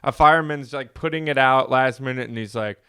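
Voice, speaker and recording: A man's voice: mid-range voice, fairly quick, bright, forceful tone, clean tone, no echo, clean studio sound. A man co-hosting a podcast in casual chat, an easygoing storyteller who laughs along. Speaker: podcast co-host.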